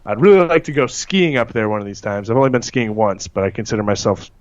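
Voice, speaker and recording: A man's voice: on the low side, fast, no echo, highs cut off. A man co-hosting a podcast in casual chat, rambling and joking. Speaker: podcast co-host.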